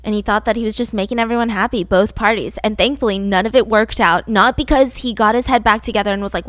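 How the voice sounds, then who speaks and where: A woman hosting a podcast, telling a true-crime story in a casual, animated way and laughing as she goes. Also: fairly high pitch, fast, hardly any pauses, no room sound. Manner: animated, laughs while telling, acts out quotes. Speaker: podcast host.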